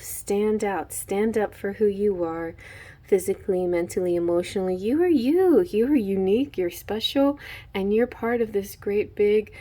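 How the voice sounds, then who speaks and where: A woman's voice: mid-range voice, dark tone. A woman giving a casual tarot reading, gushing and emotional, laughing often and trailing off into fillers and restarts. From Houston, Texas. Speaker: tarot reader.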